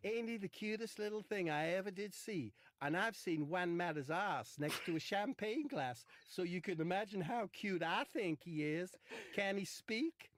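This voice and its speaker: A man's voice: sits high, lively intonation, normal speed, hardly any pauses, a little hiss or hum, pitched above the performer's own voice. A man doing a camp, drawling voice for a gushing male footballer in a comic story. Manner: drawling, exaggerated.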